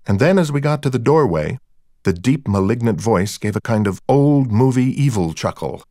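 A man's voice: medium pitch, animated, moderate pace, warm tone, dry recording, clean studio sound. Man narrating a wry audiobook. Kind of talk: first-person audiobook narration.

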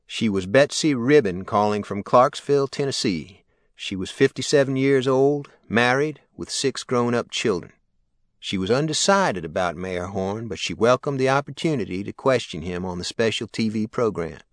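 Low-voiced male audiobook narrator. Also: normal speed, no room sound. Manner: steady, matter-of-fact storytelling. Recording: dry close studio sound.

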